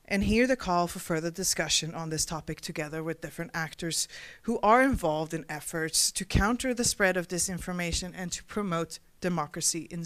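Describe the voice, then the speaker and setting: A woman moderating a panel discussion, reading an introduction in a measured way. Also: medium pitch, fairly bright tone. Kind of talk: scripted introduction, then moderating.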